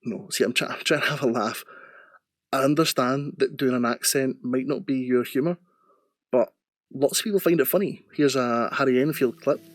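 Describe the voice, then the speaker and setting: A man explaining his side in a defensive, self-justifying tone. His voice is at a middling pitch. The sound is dry and close to the mic. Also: normal speed, no echo. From Scotland. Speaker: streamer in a response video.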